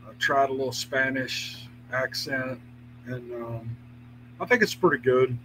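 A man's voice: mid-range voice, unhurried, noisy background. A man chatting casually on a podcast, talking about doing character voices with some self-doubt. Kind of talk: casual chat.

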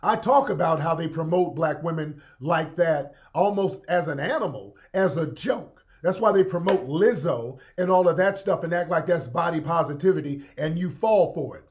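A man's voice: a little high, moderate pace, few pauses. A man hosting a show, delivering a heated, confrontational monologue straight at his audience. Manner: heated, confrontational, repetitive addressing. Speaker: show host.

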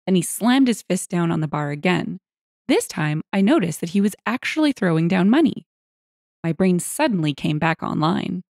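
A woman narrating internet stories aloud, with lively, expressive storytelling. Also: lowish voice, moderate pace, no room sound, studio quality.

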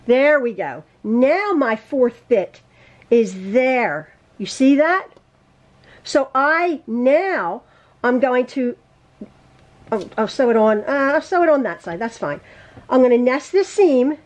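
Woman quilting teacher, chatty, self-correcting, slow unhurried talk, home sewing room. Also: sits high, expressive. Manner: chatty, self-correcting, laughs at her own mistakes. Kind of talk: casual sewing tutorial.

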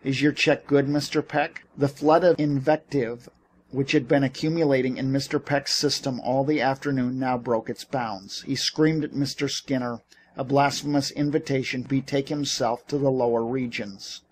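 A man reading an audiobook as narrator, with steady storytelling delivery. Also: medium pitch, normal speed, husky. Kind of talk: scripted narration.

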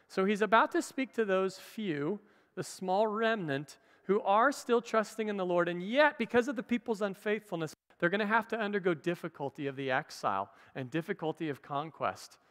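Man, pastor, sermon, conversational with joking asides, high voice, bright tone, church livestream with long reverb. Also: lively intonation, normal speed. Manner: conversational teaching with playful asides. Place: church hall.

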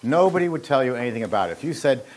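A man's voice: medium pitch, lively intonation, racing, noisy background. A man hosting a how-to show and talking casually about his trade, rambling through anecdotes with joking asides. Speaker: host and ice machine maker. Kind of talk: casual instructional talk.

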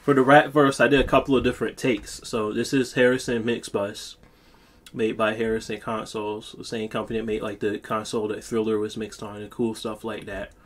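A man's voice: fairly low pitch, little pitch movement, a little fast. A man, a music producer, giving a casual, rambling studio tutorial as he walks through his own vocal takes. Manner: rambling, chatty explaining.

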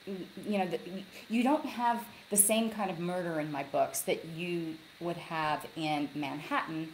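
A woman with a somewhat low voice tells stories with energy, slipping into the voices of the people she quotes. She speaks from a log cabin lodge over a video call. A faint hiss sits under her voice. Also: gravelly, rough recording. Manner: animated storyteller, acts out quotes. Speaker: author guest. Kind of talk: casual interview chat.

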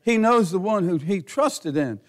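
A middle-aged man preaching a sermon as pastor, folksy and given to chuckles, rising to near-shouting as he presses his points. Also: high voice, lively intonation, a little slow. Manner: folksy, laughs often, builds to near-shouting.

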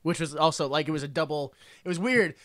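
A man with a high, bright voice hosts a loose comedy podcast. He jokes, laughs a lot and rambles through quick asides. The sound is dry and close to the mic. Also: no echo. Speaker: podcast host. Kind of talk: casual comedic podcast chat.

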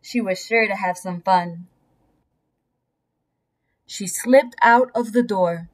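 Slow gentle woman reading a bedtime story. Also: mid-range voice. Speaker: storybook reader. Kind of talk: bedtime story read aloud.

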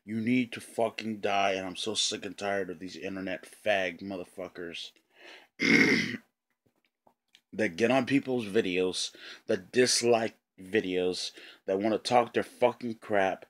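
A man with a somewhat low voice delivers an angry vlog rant to his channel's viewers. He swears constantly, circles back to the same points, and often pauses to clear his throat. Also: fairly bright tone. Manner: profane, repetitive, frequent throat-clearing. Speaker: channel owner.

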